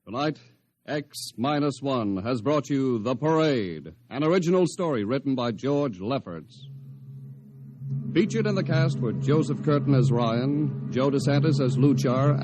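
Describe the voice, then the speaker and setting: A man giving a measured, formal radio announcement. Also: medium pitch.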